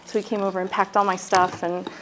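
A woman telling her own recovery story in a candid personal testimony, halting and peppered with "like" and "you know". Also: mid-range voice, little pitch movement, fairly bright tone, slight background noise, poor audio.

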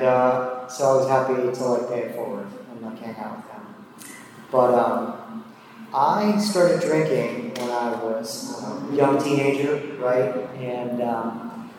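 A man in his thirties or older tells his own story in a relaxed, self-deprecating way, full of fillers and asides. His voice sits at an ordinary middle pitch. He is picked up from far off in a large, very echoey hall with a faint hum of ambience. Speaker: speaker sharing his drinking story. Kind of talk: personal storytelling talk.

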